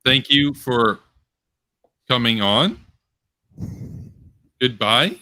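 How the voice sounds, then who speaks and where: A young man with a bright, edgy voice hosts a loose online chat, rambling and sarcastic. His pitch leaps sharply whenever something strikes him as absurd. The sound is close and dry. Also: lively intonation, very slow, no room sound. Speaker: political commentary host. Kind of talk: casual online post-show chat.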